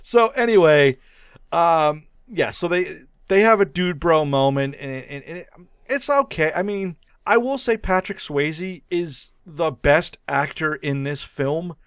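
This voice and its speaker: Giggly man with a smooth, dry voice. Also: fairly high pitch, lively intonation, measured pace, fairly bright tone, no room sound. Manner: laughs often, giggly and playful. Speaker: podcast co-host reviewing a film. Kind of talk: casual chat.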